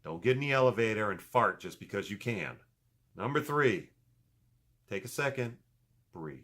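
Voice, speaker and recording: Animated, profane man vlogging advice. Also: normal speed. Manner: animated, swings from loud emphatic to low muttering; profane, joking. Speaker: video blogger. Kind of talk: casual motivational vlog.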